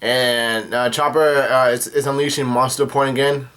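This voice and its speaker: A man's voice: mid-range voice, fairly even intonation, moderate pace, fairly bright tone, clear, resonant tone. A man casually recapping a manga chapter, with many "uh" fillers and restarts. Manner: rambling, full of "uh" fillers and restarts. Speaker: manga reaction host.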